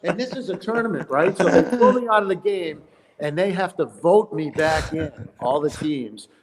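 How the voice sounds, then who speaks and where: A man's voice: high-pitched, moderate pace. Older man telling stories in a hall. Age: 60s. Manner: animated storyteller acting out quoted umpires. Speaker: guest, amateur baseball player. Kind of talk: casual interview storytelling.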